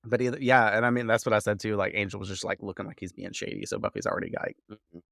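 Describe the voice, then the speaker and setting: A man's voice: on the low side, fairly even intonation, rapid-fire, vocal fry, a bit bright, no room sound, studio quality. A man co-hosting a podcast, giving a loose, rambling recap full of "like" and casual swearing, laughing often. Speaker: podcast co-host recapping episodes.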